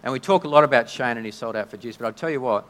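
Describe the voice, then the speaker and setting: A man preaching a sermon in a conversational, halting way, often restarting his sentences. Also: medium pitch, a bit bright. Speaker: pastor. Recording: long hall reverb.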